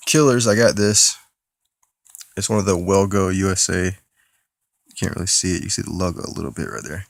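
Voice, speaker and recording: Casual male vlogger, stuffy nose, deep gravelly voice, dry close sound, loose and profane delivery. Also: dry recording. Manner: casual and profane, rambling with restarts. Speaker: movie collector vlogger. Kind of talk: casual unboxing vlog.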